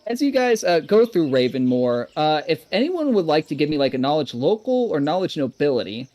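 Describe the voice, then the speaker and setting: A man's voice: a little high, big pitch swings, brisk, darkish tone. A man narrating as game master in a casual, chatty way.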